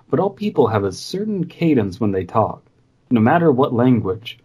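A man's voice: mid-range voice, a little mellow, husky, dull audio. A man co-hosting a podcast, reading a horror story aloud and rambling into profane asides. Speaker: podcast co-host.

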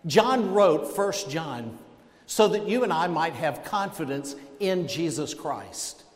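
Pastor, man, preaching with emphasis and pauses; long church reverb, voice a bit high. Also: lively intonation. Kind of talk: sermon. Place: church sanctuary. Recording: echoey hall with long reverb.

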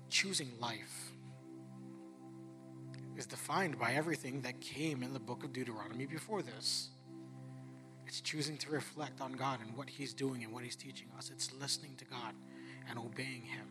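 A man preaching a sermon as pastor, earnest, dropping softer and quieter when he reads scripture. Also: mid-range voice, moderate pace, faint music behind.

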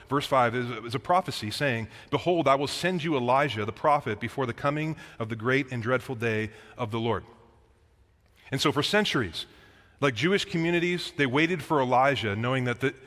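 In a hall with long reverb, a pastor gives a conversational sermon, reading passages of scripture and unpacking them for the congregation. His medium-pitched voice has a slightly bright quality.

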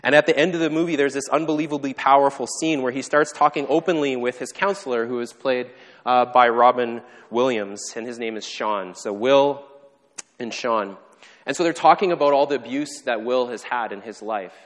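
A man preaching a sermon, telling a story earnestly and falling to a soft hush when he quotes the characters. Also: mid-range voice, moderate pace. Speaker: pastor. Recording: long hall reverb.

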